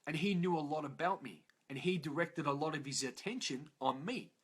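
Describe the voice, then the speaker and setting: A man's voice: a little high, a little fast, a bit bright, husky. A man, a motivational speaker, telling a blunt and profane personal story to an audience.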